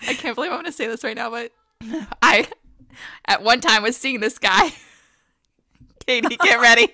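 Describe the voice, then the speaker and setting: A woman co-hosting a casual faith podcast, telling animated stories and laughing often. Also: on the high side, normal speed, dry recording, clean studio sound. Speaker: podcast co-host.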